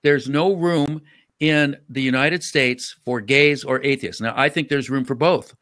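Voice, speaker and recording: A man talks politics on a casual panel in an earnest, halting way, stumbling and restarting as he goes. His voice is mid-pitched and the recording is dry and close. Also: fairly bright tone, no echo. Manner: hesitant, many fillers and restarts, earnest.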